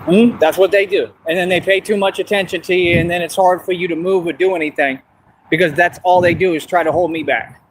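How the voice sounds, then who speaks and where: A man rants outdoors at night, boastful and combative, circling back to the same points. His voice sits a little high for a man. Steady background noise from the open air and passing traffic runs under the stream. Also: fairly quick, rough recording. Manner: boastful, combative, repeats himself. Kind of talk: ranting monologue. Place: outdoors in the dark.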